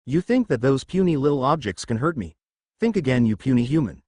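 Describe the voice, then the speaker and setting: A gloating male sand demon, arrogant and taunting, in a fan-made anime storybook reading, which a man puts on. The delivery swings lively in pitch. The sound is dry and close. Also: a little fast, dry recording. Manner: boastful, taunting.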